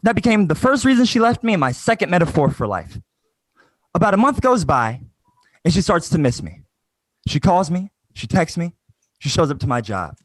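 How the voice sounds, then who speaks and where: A man's voice: high voice, no echo. A young man doing a self-mocking stand-up set over a video call, with a punchy delivery. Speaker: stand-up comedian.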